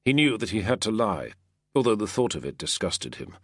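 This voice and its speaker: A man reading a novel aloud as an audiobook narrator, in a measured, expressive way. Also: lowish voice, slightly rough, no echo, clean studio sound. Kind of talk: scripted narration.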